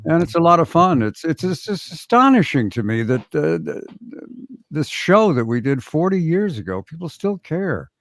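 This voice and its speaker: Older male voice actor, gravelly timbre, dry close mic, easygoing and modest. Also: on the high side, normal speed, no echo. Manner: relaxed, self-deprecating, stammering restarts. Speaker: voice actor guest. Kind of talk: casual interview chat.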